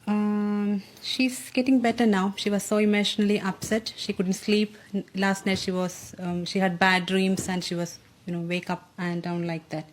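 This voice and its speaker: A mother speaking in a news interview, soft and halting. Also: mid-range voice, level tone.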